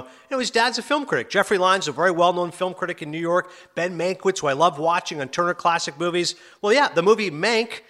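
A middle-aged male sports broadcaster in casual interview chat, telling stories with laughs and acted-out quotes. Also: on the high side. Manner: animated storyteller, laughs often, acts out quotes. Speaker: sports broadcaster and podcast host.

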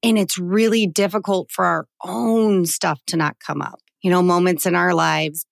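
A woman's voice: fairly low pitch, fairly even intonation, normal speed, gravelly, dry recording, clean studio sound. A woman in her forties co-hosting a podcast, talking in an earnest, heartfelt way. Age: 40s. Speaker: podcast co-host. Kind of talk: casual podcast conversation.

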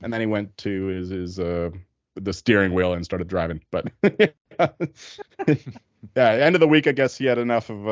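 A laid-back male podcast co-host with a fairly low voice, telling a story while laughing and swearing. The sound is dry and somewhat dull, like a lo-fi podcast mic. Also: no echo.

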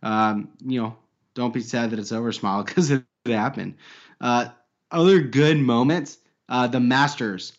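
A man's voice: medium pitch, unhurried, highs cut off. A man co-hosting a podcast in casual banter, joking, laughing often and swearing. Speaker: podcast co-host.

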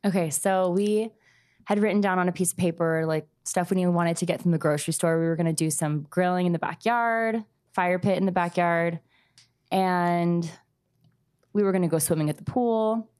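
A woman in her thirties, a guest, telling a painful personal story in a halting, soft-spoken way with many pauses. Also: on the low side. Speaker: grieving mother guest.

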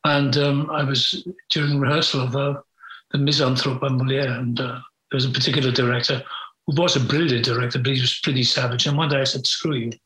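An older man reminisces in an interview, frank and rambling, pausing often on fillers. His voice is bright and has an edge of tension. The recording carries a roomy echo. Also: medium pitch, flat delivery. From Britain. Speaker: guest.

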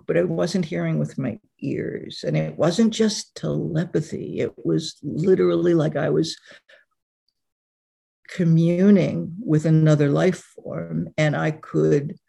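A woman telling a personal story as an interview guest, vivid and dramatic with sudden pauses. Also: sits low, creaky, warm tone, slightly rough.

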